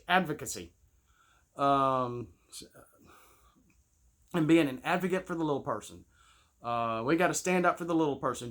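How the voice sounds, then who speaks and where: Indignant, stammering man with a bright voice. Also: mid-range voice, normal speed, pauses often. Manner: rambling, with frequent stammered restarts; preachy and indignant. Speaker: gaming channel host. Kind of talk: casual spoken rant.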